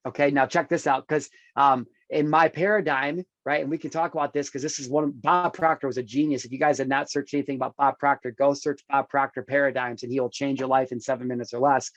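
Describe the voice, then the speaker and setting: A man's voice: mid-range voice, steady tone, quick pace, few pauses, no echo. Intense man telling his story, dull dry sound. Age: 30s. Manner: intense, emphatic, keeps addressing the host with "dude" and "check this out". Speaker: podcast guest. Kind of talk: personal storytelling in conversation.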